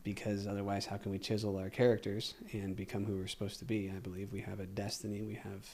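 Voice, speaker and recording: Young man, quick talker, rambling, animated storyteller, podcast guest. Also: lowish voice, gravelly. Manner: rambling storyteller, acts out quotes. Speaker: podcast guest, singer and actor. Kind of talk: casual interview talk.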